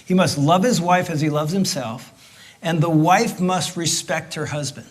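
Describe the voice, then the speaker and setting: Animated storytelling male pastor. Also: on the high side, normal speed. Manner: animated storyteller, jokey, big swings in volume. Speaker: pastor teaching on marriage. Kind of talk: sermon-style marriage teaching with his wife.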